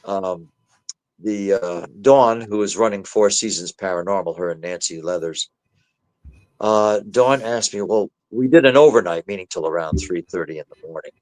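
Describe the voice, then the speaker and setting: A man's voice: sits low, normal speed, no echo, low-quality recording. A man, a demonologist guest, telling his story in a podcast interview and acting out the voices he quotes. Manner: animated, acts out the voices he quotes.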